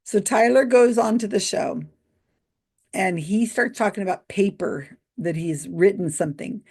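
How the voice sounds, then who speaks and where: A woman's voice: lowish voice, gravelly, warm tone. A woman who works in mentalism, giving a casual commentary monologue, amused and laughing often as she retells what she saw. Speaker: YouTube commentator.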